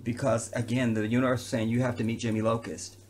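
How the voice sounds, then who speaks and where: A man who works as an entertainer, telling a personal story to camera in an animated, slangy, conversational way. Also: medium pitch, fast, slight background noise.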